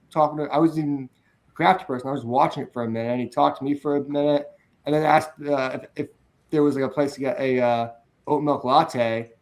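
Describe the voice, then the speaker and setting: A man's voice: on the high side, darkish tone. A young man in casual podcast chat, telling film-set stories with many restarts and fillers. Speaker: podcast guest or co-host, film crew worker.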